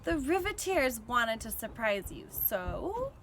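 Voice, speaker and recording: A woman's voice: on the high side, sing-song, slow, a bit bright, a little hiss or hum, full character voice. A woman voicing an eager young girl inventor, speaking with pride about her creation. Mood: proud. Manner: eager, proud.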